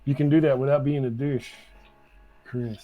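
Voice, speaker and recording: A man's voice: medium pitch, fairly even intonation, moderate pace, dull audio, faint music behind. A man from Texas talking as a guest in a casual group chat, playful and self-mocking, often laughing. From Texas, USA.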